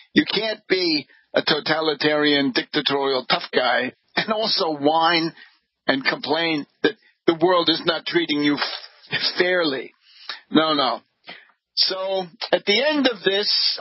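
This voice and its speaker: A man hosting a radio show, delivering a deliberate, scornful political commentary monologue. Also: on the high side, husky, dry recording. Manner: deliberate, scornful, measured delivery with frequent pauses. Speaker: radio host. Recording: dull lo-fi radio audio.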